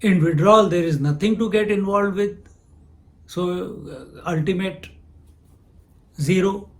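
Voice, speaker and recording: A man delivers a spiritual discourse. He speaks at an unhurried pace, often posing questions and then answering them himself. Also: sits high. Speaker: spiritual teacher.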